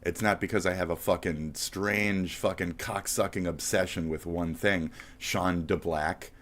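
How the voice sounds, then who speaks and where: A man's voice: deep voice, steady tone, moderate pace, a bit bright. A man streaming live commentary as a heated, profane, mocking rant. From United States.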